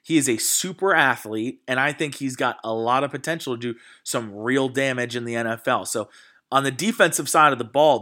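Bright-voiced man talking sports. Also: medium pitch. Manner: enthusiastic, with frequent fillers and restarts. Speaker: podcast host. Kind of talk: casual sports commentary.

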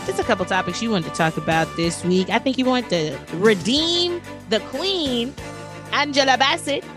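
A woman co-hosting a podcast, reading sponsor shout-outs in a lively, animated way. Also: normal speed, music in the background. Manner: lively, animated, swings her pitch high and low. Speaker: podcast co-host.

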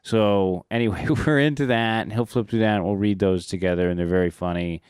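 Low, smooth-voiced man chatting. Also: fairly even intonation, brisk, a little mellow, no room sound, clean studio sound. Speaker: podcast co-host. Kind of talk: casual chat.

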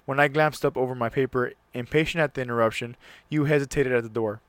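Guy talking solo into a close mic, reads stuff out loud earnestly, trips on words sometimes, dry sound. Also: mid-range voice, fairly even intonation, fast talker, clear, resonant tone, no echo. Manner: reads aloud earnestly, stumbles and restarts on words. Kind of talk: casual solo talk with read-aloud passage.

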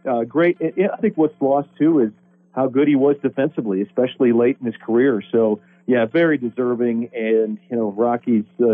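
Husky man on a phone line. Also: medium pitch. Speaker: guest baseball broadcaster. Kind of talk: casual sports radio interview.

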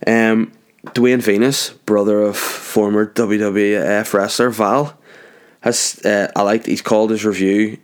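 Low-voiced man rambling through a solo podcast. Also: little pitch movement, takes it slowly, clean tone. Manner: jokey, rambling, goes off on tangents. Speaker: podcast host. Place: home garage.

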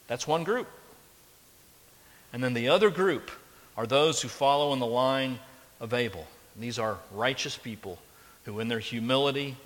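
A man's voice: medium pitch, a bit bright. A man preaching a sermon, emphatic and pressing his listeners with rhetorical questions. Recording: long hall reverb.

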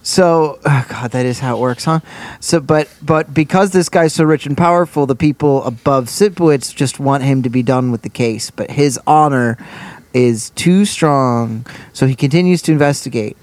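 A man co-hosting a podcast, casually recapping a TV episode in a rambling, animated way full of restarts. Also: medium pitch, moderate pace, no room sound. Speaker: podcast co-host.

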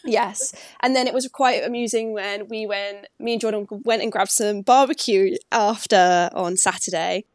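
A woman's voice: mid-range voice, fairly even intonation, normal speed, few pauses, dry recording. Brief: English woman, podcast co-host, chatty storyteller with an English accent, dry studio sound. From England. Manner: chatty storyteller, laughs often. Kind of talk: casual chat.

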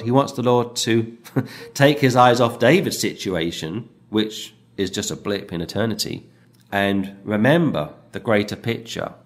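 A man preaching an expository sermon in an earnest, animated way, acting out the voices he quotes. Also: lowish voice, measured pace.

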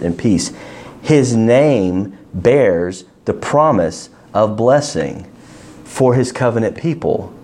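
Lively low-voiced man teaching Scripture. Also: slight background noise. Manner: asks the class questions, animated emphasis. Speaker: teacher leading a Bible study. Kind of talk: interactive Bible teaching.

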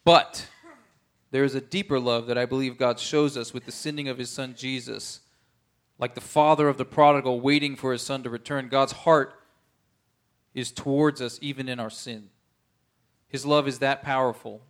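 A man's voice: medium pitch, steady tone, normal speed, a bit bright. A man preaching a conversational sermon, earnest, often checking in with his listeners.

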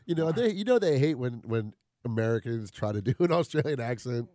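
A man's voice: mid-range voice, expressive, brisk, warm tone, no echo, studio quality. A man co-hosting a casual radio talk show, teasing the others and laughing easily. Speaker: radio co-host.

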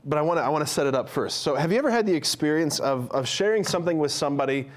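A man's voice: fairly high pitch, expressive, racing. A man giving an earnest, conversational sermon to men, with frequent fillers and restarts.

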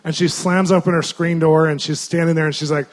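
A man preaching in an animated storytelling way, swinging between excited and hushed. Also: on the high side, fairly quick. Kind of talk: storytelling sermon.

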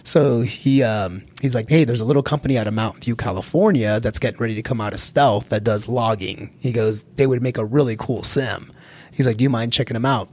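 A man's voice: mid-range voice, fairly quick, a little mellow. A middle-aged man from Colorado, a security executive, telling his career story in a casual chat, laughing often and repeating words as he starts sentences.

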